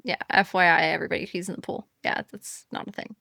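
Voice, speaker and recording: A woman's voice: fairly low pitch, fairly even intonation, fast, gravelly, pushed and bright, no echo, studio quality. A woman co-hosting a book podcast, chatting frankly and casually, swearing now and then. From Florida, US. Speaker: podcast co-host. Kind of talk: casual chat.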